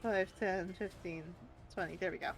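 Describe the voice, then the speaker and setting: A woman's voice: lowish voice, steady tone, normal speed, faint music behind. A woman playing a tabletop game in casual chat, thinking aloud as she plays. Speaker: player.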